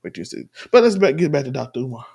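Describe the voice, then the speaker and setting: Husky-voiced man reacting casually. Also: mid-range voice, sing-song, rapid-fire, darkish tone. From Southern US. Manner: rambling, emphatic, restarts often. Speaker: reaction commentator. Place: home room.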